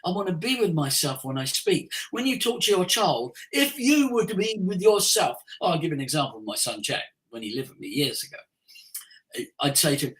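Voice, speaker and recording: A voice coach as a podcast guest, talking expressively with big swings in pitch and pace. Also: very animated, brisk, low-quality recording. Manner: acts out everyday scenes in changed voices. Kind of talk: podcast interview, coaching talk.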